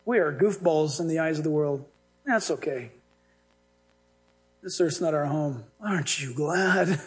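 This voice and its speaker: A male pastor preaching a sermon in a lively, humorous way, acting out the dialogue he tells. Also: on the high side, measured pace.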